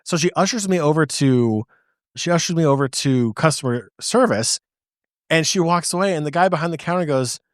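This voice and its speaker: A man from the United States co-hosting a podcast, telling a story in casual chat with lively restarts. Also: a little high, normal speed, no room sound, clean studio sound. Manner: animated storyteller with frequent restarts. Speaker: podcast co-host.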